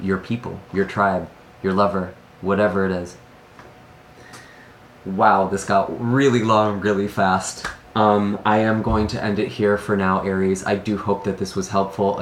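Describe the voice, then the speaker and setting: A man with a lowish voice reads tarot to the camera, earnest and emotional, with frequent sighs between his thoughts. The room echoes, and there is slight background noise.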